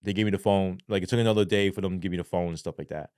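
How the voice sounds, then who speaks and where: Profane New man, low dry voice. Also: racing, clean tone, no echo. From New York. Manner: profane and animated, keeps asking "right?". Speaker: guest. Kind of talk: casual storytelling.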